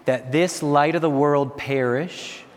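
Man, 40s, priest, homily, earnest, chuckles often, slightly high voice, long church reverb. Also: fairly even intonation, slow. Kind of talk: homily at Mass. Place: large church.

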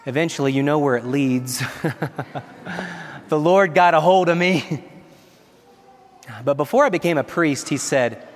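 A man's voice: a little high, measured pace, long pauses. A man in his forties, a priest giving an earnest homily at Mass, often chuckling between phrases. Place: large church. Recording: echoey church with long reverb.

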